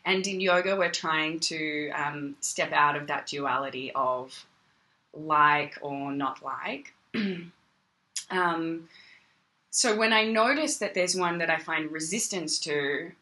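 A woman's voice: low voice, takes it slowly, bright, forceful tone. An Australian woman teaching meditation on a casual livestream, chatty and greeting viewers by name. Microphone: phone.

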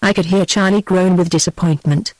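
A text-to-speech woman's voice with a British English accent, reading an adventure novel aloud in an even, steady manner without character voices. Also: lowish voice, brisk, no echo, rough recording. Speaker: audiobook narrator. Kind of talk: scripted narration.

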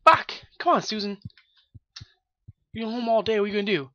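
A man's voice: sits high, expressive, normal speed, sharp tone, lo-fi sound. A young man joking and swearing through rambling commentary while playing a video game. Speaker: let's play gamer. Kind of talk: profane sarcastic game commentary.

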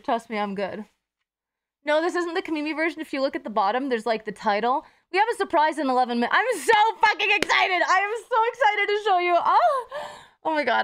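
Woman streamer, high voice, playful, foul-mouthed, coos at chat. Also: fairly bright tone. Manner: playful, swears freely, coos baby talk to viewers. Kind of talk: casual live-stream chat.

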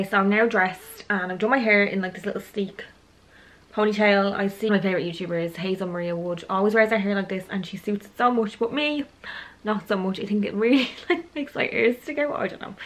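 A young woman, chatting casually to camera in a home vlog, rambling a little as she goes. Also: brisk. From Ireland. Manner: chatty, rambling, talks to her dog in a high cooing voice. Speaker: vlogger. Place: at home indoors.

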